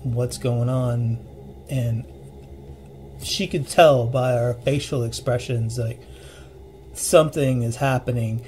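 A man telling a personal ghost story in a casual, earnest way, pausing and restarting as he recalls the details. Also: mid-range voice, a little mellow, a little hiss or hum. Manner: earnest, halting retelling with restarts and vivid detail.

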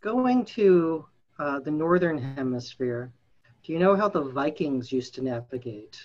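Slow-spoken moderator on a dull call line. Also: medium pitch, animated, a little mellow. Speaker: moderator asking questions. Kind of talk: moderating a Q&A session.

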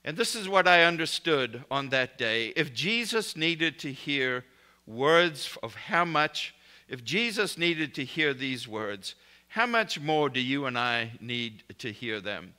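A man's voice: mid-range voice, sing-song, slow pace, bright, forceful tone, smooth. A man preaching a recorded sermon in an emphatic, declarative way, speaking blessings and prayers over his listeners.

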